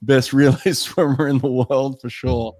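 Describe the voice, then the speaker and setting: A man interviewing a swimmer, asking questions in a relaxed, joking way. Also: mid-range voice, unhurried. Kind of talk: casual interview chat.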